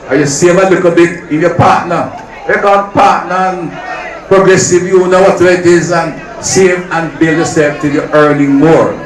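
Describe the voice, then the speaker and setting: A high-voiced Jamaican man rallies party supporters, stacking phrase on phrase to drive each point home. His voice rings through a big reverberant space and is picked up from a distance. The murmur of a crowd sits behind him. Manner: rousing, repetitive emphatic phrasing. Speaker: politician addressing party supporters. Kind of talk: political rally speech. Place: large rally venue. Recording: echoey, far from mic, crowd behind.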